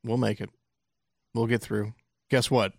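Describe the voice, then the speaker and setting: A man's voice: fairly low pitch, fairly even intonation, unhurried, creaky, a little mellow, no echo, clean studio sound. Playful laughing podcast man. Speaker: podcast co-host. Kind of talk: casual chat.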